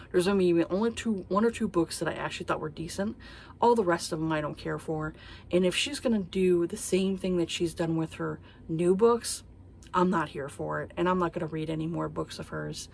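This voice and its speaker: A woman's voice: on the low side, moderate pace, vocal fry, slight background noise. A woman in her thirties vlogging about books in a heated, profane, exasperated casual rant. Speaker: book vlogger. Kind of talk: casual ranting monologue.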